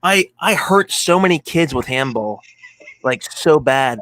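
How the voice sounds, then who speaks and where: A man in casual podcast chat, telling profane, animated stories as a guest co-host. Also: mid-range voice, measured pace.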